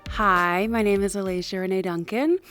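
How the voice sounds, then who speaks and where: A young actress and producer tells a chatty story about mishaps during a show's production. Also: female voice, medium pitch, steady tone, normal speed, fairly bright tone, faint music behind. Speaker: actor and producer. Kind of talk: casual anecdote to camera.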